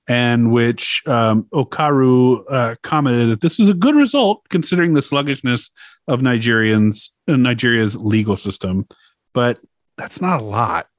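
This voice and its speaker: A man's voice: mid-range voice, no echo, clean studio sound. A man hosting a podcast, explaining a topic in a loose, chatty way with laughs and swearing. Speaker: podcast host. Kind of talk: casual chat.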